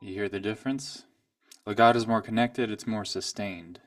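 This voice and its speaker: Male piano teacher, low voice, calm explainer, mic a little distant. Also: normal speed. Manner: calm, explains then plays examples. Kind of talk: music lesson at the piano. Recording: voice from a distance, piano loud alongside. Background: piano playing.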